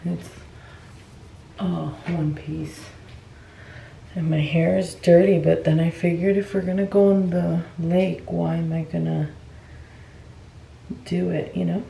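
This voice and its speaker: A woman's voice: fairly low pitch, steady tone, slow, vocal fry, long pauses, warm tone, a little hiss or hum, poor audio. A woman in her thirties, a mother, chatting casually to camera in a vlog and sometimes a little out of breath. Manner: chatty, talks straight to camera. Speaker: vlogger.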